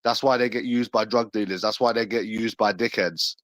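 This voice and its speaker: A man's voice: fairly low pitch, steady tone, a little fast, a bit bright, no echo, low-quality recording. A man with a London accent ranting in a repetitive, sweary, sarcastic monologue. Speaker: vlogger.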